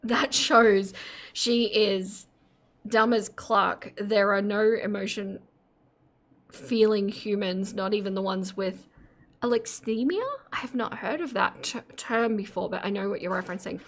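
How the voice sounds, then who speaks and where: A woman's voice: medium pitch, fairly even intonation, measured pace. Woman host for live stream commentary; casual, giggly, self-deprecating. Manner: chatty, giggly, self-mocking asides.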